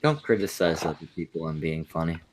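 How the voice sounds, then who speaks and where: A man co-hosting a casual podcast from a home mic, trading crude jokes in a halting, deadpan way full of fillers and restarts. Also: extremely low pitch, slight background noise. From Canada. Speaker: podcast co-host.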